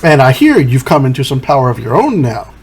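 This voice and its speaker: A man's voice: medium pitch, very animated, fairly quick, darkish tone, slightly rough. A man voicing a sinister older mother who speaks in a drawling, coaxing way. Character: sweet-talking sinister older mother, a witch.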